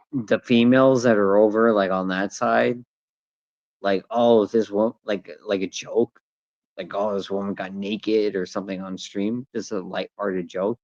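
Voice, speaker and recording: Man, low voice, loose profane rambling chatter, dry dull stream audio. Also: no echo. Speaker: streamer on a panel. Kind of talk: casual chat.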